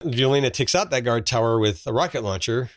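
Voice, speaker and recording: A man in his forties co-hosts a casual movie podcast, telling stories with lots of fillers and easy laughs. His voice sits at a middle pitch. The sound is dry and close, with no room echo. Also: expressive, a little fast. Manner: chatty storyteller, frequent fillers and laughs. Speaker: podcast co-host. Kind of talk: casual movie review chat.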